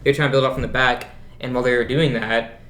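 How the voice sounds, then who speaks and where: A young man in casual podcast chat, explaining quickly with small restarts. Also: medium pitch, fairly even intonation, a bit bright. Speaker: podcast co-host. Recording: echoey room.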